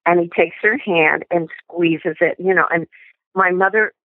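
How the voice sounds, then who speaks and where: A woman's voice: lowish voice, unhurried, dry recording. Older woman telling stories over a phone line. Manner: animated anecdotes with many restarts. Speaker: guest. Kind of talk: storytelling interview.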